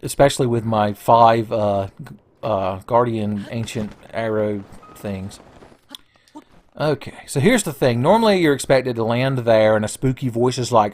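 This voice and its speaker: A man's voice: mid-range voice, animated, moderate pace. Joking, profane young male gamer. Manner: joking, profane, rambling, with silly voices. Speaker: let's play commentator. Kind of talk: casual gameplay commentary.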